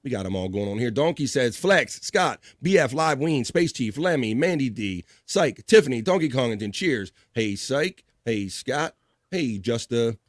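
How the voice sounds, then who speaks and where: A man hosting a live stream in casual chat, reading viewer messages aloud with upbeat, profane shout-outs. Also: mid-range voice, lively intonation, normal speed, no echo, clean studio sound.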